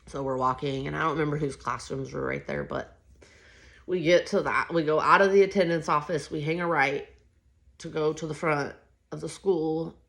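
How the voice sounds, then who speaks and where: A woman's voice: low voice, fairly even intonation, moderate pace, vocal fry, a bit bright. A woman telling a personal story from her own life in a casual, candid way, blunt and conversational. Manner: blunt and conversational, with frequent swearing and fillers. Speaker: memoir author recounting her life.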